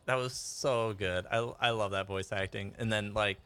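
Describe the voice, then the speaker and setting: This man's voice is on the low side, clear and resonant, with a sharp tone. He speaks unhurriedly with few pauses, giving chatty, rambling gameplay commentary on a stream, laughing and reading out messages from chat.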